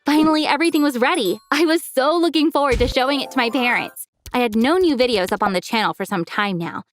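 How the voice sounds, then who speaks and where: A woman with a fairly high voice tells a first-person story in scripted storytime narration. She keeps it brisk and expressive. Clear music plays underneath her the whole time.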